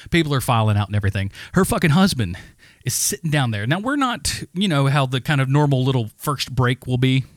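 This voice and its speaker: A man co-hosting a podcast, telling a story in a casual, animated, heavily profane rant. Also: mid-range voice, fairly quick, no echo, clean studio sound. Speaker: podcast co-host.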